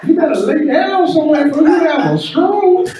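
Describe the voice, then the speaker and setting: A man's voice: extremely high pitch, big pitch swings, normal speed, noisy background, pitched above the performer's own voice. A man voicing a sassy, motherly female talking blood-sugar meter who scolds and fusses. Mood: scolding. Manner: scolding, fussing. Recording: echoey room from far off.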